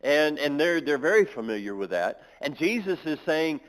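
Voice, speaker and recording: A man's voice: a little high, big pitch swings, moderate pace, rough recording. Man preaching and reading scripture. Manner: reads scripture aloud then explains it, with restarts. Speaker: pastor. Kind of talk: sermon. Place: church.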